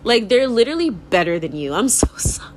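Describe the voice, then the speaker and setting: Animated young woman, rambling podcast rant. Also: a little high, a little fast, a little hiss or hum. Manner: rambling, profane, laughs often, animated; fills speech with "like". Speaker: podcast host. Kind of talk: casual monologue.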